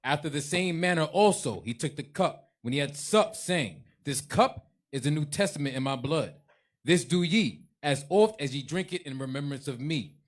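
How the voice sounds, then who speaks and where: A man reading scripture aloud in a measured, formal way, ending in prayer. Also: on the high side, animated. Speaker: scripture reader.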